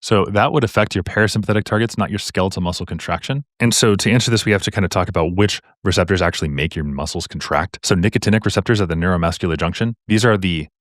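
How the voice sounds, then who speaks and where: A man's voice: low voice, dry recording, studio quality. A man tutoring for a medical exam, working through practice questions in a casual way with the odd joke. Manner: quick, casual, joking asides.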